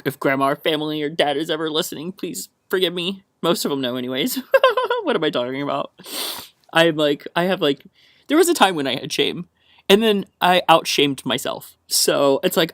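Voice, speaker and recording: A man's voice: on the high side, lively intonation, a little fast, fairly bright tone, no room sound, clean studio sound. A young man from the American South rambles on a solo podcast, chatty and hyper on a caffeine buzz. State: wired on caffeine. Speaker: podcast host.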